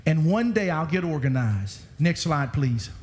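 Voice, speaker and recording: A man preaching a sermon to a congregation with animated swings in pitch, recorded through a church sound system. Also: unhurried. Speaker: guest preacher. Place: church sanctuary. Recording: reverberant church hall.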